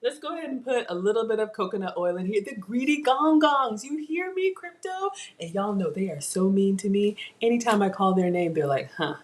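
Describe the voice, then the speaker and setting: A woman's voice: medium pitch, animated, a little fast, hardly any pauses, darkish tone. Chatty woman cooking live. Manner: chatty, self-teasing, talks to viewers. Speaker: cooking show host. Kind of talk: live-streamed cooking class. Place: home kitchen.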